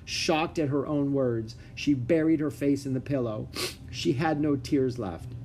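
A man reading a children's book aloud with expressive storytelling. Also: medium pitch, unhurried, a little hiss or hum. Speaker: narrator.

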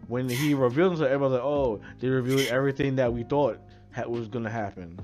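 A man's voice: mid-range voice, racing, darkish tone, soft background music. A man co-hosting a casual podcast about anime, laughing often and acting out the characters he quotes. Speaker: podcast co-host.

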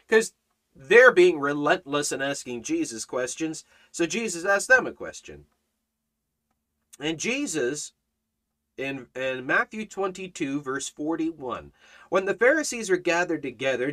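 A man teaching a Bible study in an impassioned sermon style, building to near-shouting on key points. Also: on the high side.

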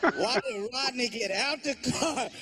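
A man telling a stand-up comedy story, animated and laughing along, over audience laughter. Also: very high voice.

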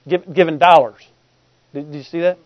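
A man's voice: fairly high pitch, fairly even intonation, normal speed, no room sound, dull audio. A middle-aged man, preaching a sermon in a folksy, conversational way and often asking the congregation if they follow. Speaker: pastor.

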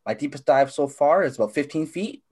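A man playing a clueless free diver with an odd accent, talking in a halting, hesitant way. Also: fairly high pitch, lively intonation, darkish tone, husky. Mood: bumbling. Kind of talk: improvised comedy character.

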